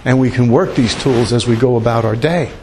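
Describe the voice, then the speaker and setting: A man's voice: mid-range voice, fairly quick, warm tone, a little hiss or hum. A man preaching a sermon in a loose, conversational way, with asides and repeated words. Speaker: pastor. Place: church.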